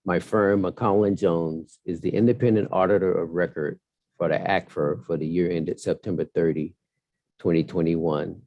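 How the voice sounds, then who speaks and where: A man, a partner at an audit firm, giving a measured, formal presentation of audit results at a council hearing over a video call. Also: low voice, steady tone, a little mellow, dry recording, muffled recording. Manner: measured, formal, with some fillers.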